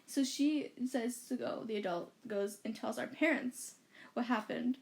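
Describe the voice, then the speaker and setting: A woman's voice: fairly high pitch, measured pace, vocal fry, a little mellow. A woman co-hosting a casual podcast from a bedroom, telling a rambling story full of fillers and quoted lines. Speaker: podcast co-host.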